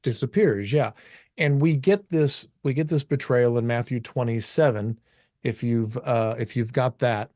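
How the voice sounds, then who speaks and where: A man's voice: medium pitch, a little slow, darkish tone, no room sound, studio quality. A man co-hosting a casual discussion, talking in a loose, rambling way and acting out quoted dialogue as he goes. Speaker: co-host.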